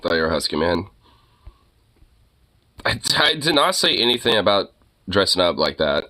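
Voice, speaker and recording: A man's voice: low-pitched, big pitch swings, moderate pace, bright, forceful tone, rough recording. A young man chatting casually with his viewers, rambling with lots of fillers and swearing. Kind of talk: casual chat.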